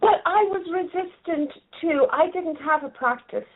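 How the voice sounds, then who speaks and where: A woman's voice: very high-pitched, moderate pace. A woman with an Irish accent calling a radio show, hesitant and laughing between phrases. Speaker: caller. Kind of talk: phone-in chat. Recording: tinny phone line.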